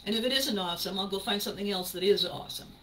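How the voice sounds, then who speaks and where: Bright, animated woman podcast host. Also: mid-range voice, rapid-fire, slight background noise, low-quality recording. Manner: animated and emphatic, often laughing; acts out quoted people in a shifted voice. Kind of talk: motivational talk.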